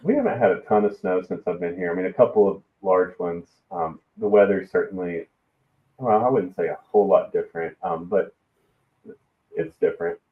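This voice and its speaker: Low-voiced Southern American man on a tinny line. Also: far from the mic. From Alabama, US South. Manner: measured, hesitant, many pauses and fillers. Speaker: guest, risk management executive. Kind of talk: casual podcast conversation. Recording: tinny phone-like line in an echoey room.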